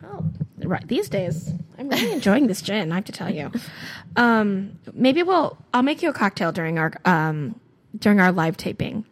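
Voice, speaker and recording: A woman co-hosting a podcast in casual chat, chatty and quick to laugh, sometimes acting out little voices. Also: mid-range voice, big pitch swings, breathy edge. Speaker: podcast co-host.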